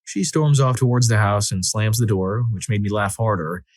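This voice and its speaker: A man narrating short stories in scripted style, his voice sitting fairly low. The sound is dry, with no room around it. He lifts his voice for the quoted lines. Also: moderate pace, darkish tone, dry recording. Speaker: story narrator.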